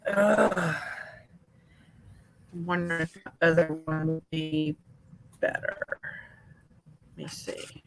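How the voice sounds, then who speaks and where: A woman's voice: lowish voice, steady tone, slow pace, long pauses, soft background music, poor audio. A woman co-hosting a live stream, sounding apologetic and flustered, her voice breaking up into glitchy robotic internet audio. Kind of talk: casual live stream chat.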